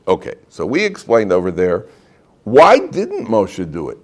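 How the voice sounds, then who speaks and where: A rabbi teaching an informal Torah class to students in a classroom, animated and joking, often putting questions to his listeners. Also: on the low side, a little slow.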